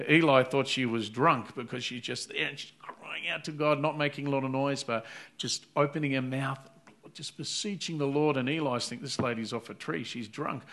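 A man's voice: mid-range voice, a bit bright. A man preaching an earnest sermon, retelling a Bible story and acting out its voices. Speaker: pastor.

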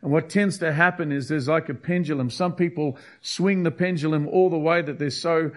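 A man's voice: on the high side, steady tone, normal speed. A man preaching a sermon, emphatic and repetitive, hammering key phrases. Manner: emphatic, repeats key phrases, acts out quotes.

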